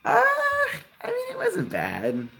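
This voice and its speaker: A man's voice: mid-range voice, huge pitch swings, takes it slowly, vocal fry, fairly bright tone. A young man in his twenties hosting a casual live stream, chatting with viewers and giving friendly advice.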